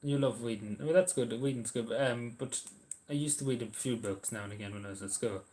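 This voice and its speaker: A man's voice: mid-range voice, fairly quick, darkish tone. An Irish man chatting casually on a livestream, answering viewers' messages in a rambling, hesitant way with lots of ums and restarts.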